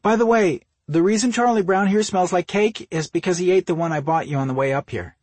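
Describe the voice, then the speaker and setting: A man voicing a bright, cheeky grown sister. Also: on the low side, a little fast, slightly rough, dry recording, pitched above the performer's own voice. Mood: teasing. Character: caring grown sister, stubborn and teasing.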